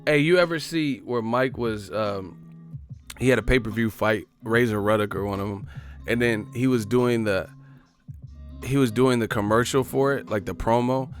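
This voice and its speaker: A man's voice: medium pitch, moderate pace, soft background music. A man hosting a live boxing talk stream in a casual, profane, riffing style, telling stories animatedly.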